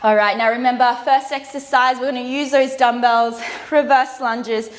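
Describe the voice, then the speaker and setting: A woman's voice: on the high side, fairly even intonation, moderate pace. A woman leading a guided dumbbell workout, out of breath as she exercises, cueing moves with upbeat encouragement. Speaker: fitness instructor. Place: indoor workout studio.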